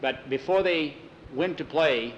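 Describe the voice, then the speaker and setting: A man's voice: fairly high pitch, a little slow, dull audio, slight background noise. Folksy man telling a story. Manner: folksy, animated, lots of "he said". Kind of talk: told story narration.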